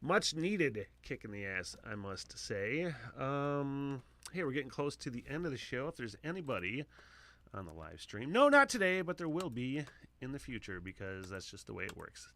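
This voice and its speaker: A man hosting a casual solo podcast, talking in a rambling, profane way that swings from loud excitement to low mutters into a close microphone. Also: moderate pace. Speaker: podcast host.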